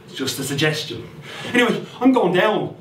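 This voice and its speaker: A man with a Dublin accent performing a comic monologue, telling a profane story with animated outbursts. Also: sits high, moderate pace. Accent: Irish, Dublin. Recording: roomy, distant recording with faint noise.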